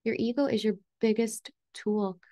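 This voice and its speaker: A woman giving a blunt, animated motivational rant to camera as a self-help vlogger, swearing casually. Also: fairly high pitch, moderate pace, no room sound, clean studio sound.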